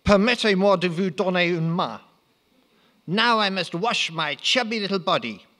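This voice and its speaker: A man doing a squeaky French emperor. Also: expressive, moderate pace, sharp tone. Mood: petulant. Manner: mixes French words into his English. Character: squeaky pompous French emperor, male, petulant.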